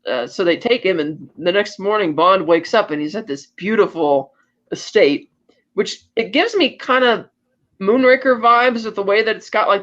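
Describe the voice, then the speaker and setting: Male podcast host, high voice, animated casual recap, slightly muffled lo-fi sound. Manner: animated storytelling, acting out lines of dialogue. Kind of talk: casual chat recapping a film.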